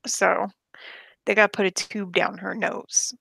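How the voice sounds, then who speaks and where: A chatty woman rambling through casual talk, her voice carrying a gravelly, fry-laden edge. The sound is dry and close, with no room around it. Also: mid-range voice, little pitch movement, a little slow, fairly bright tone, no echo. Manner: rambling, chatty, lots of fillers. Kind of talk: casual chat.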